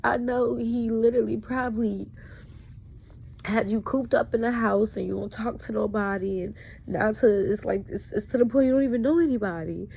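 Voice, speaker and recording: Woman vlogger with a slightly high voice, raw and emotional, pouring out her story to camera. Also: normal speed, creaky, darkish tone, slight background noise. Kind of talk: candid personal vlog monologue.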